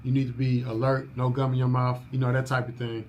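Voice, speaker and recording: A business owner trains new staff in an orientation, coaching them by repeating key points and checking whether people follow. He's a fast talker with a monotone, mid-range voice, and the audio is dull with slight background noise.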